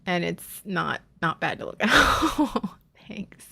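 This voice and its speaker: A woman's voice: fairly low pitch, big pitch swings, slow pace, gravelly, bright, forceful tone, a little hiss or hum. A woman live streaming, talking candidly and heartfelt with her viewers, often restarting her sentences. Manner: confiding, swears casually.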